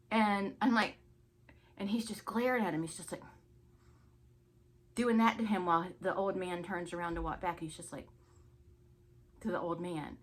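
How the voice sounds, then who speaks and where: Chatty woman telling a story. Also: mid-range voice. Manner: chatty, indignant storytelling with laughs. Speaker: vlogger. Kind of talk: get-ready-with-me story time.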